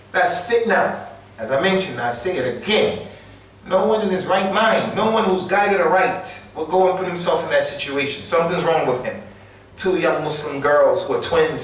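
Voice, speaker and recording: A man's voice: a little high, a bit bright, slight background noise. A man giving an emphatic sermon in a small mosque, repeating his key phrases for weight. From United States. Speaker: Islamic lecturer. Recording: echoey room, distant mic.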